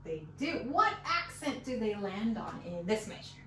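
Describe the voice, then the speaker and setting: A woman giving a one-on-one fiddle lesson, patient and encouraging, counting beats out loud. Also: mid-range voice, sing-song, moderate pace, a little hiss or hum. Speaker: fiddle teacher. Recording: roomy, mic at a distance, fiddle playing.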